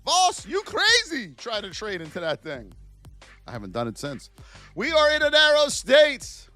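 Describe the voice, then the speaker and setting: An excitable man reviews stock charts live and breaks into playful exclamations. His voice sits high and swings widely in pitch. Faint music plays behind him. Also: measured pace. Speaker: trading educator.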